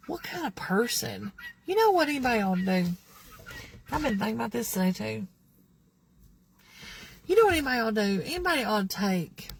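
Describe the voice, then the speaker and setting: A woman in her fifties talks straight to her camera in an indignant, rambling vlog rant, circling back over the same points. Her voice is gravelly and husky. She is recording outdoors at her home. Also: medium pitch. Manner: indignant, rambling, repeats herself. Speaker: vlogger. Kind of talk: angry vlog rant to followers.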